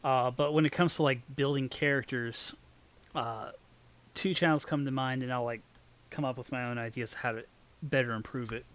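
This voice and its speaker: Co-host rambling about channels they follow, lots of uhs and restarts, mid pitch. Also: steady tone. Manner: halting, many fillers and restarts. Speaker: podcast co-host. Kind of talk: casual chat.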